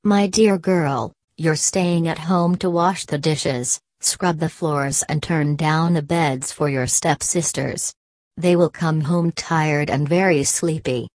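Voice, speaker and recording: A woman's voice: sits low, slow, darkish tone, no echo. A woman doing a haughty stepmother, mocking and condescending, dry close sound. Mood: scornful.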